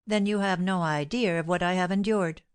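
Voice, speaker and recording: A woman's voice: fairly low pitch, steady tone, normal speed, clear, resonant tone, voice pushed up, close to an everyday voice. Woman reading as a cold, scheming young wife. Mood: contemptuous. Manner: cold, insistent, contemptuous.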